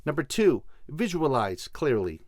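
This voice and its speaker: A man hosting a podcast, telling stories in an animated, conversational way and acting out the quotes. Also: fairly high pitch, a little slow, no echo. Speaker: podcast host. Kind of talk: podcast storytelling.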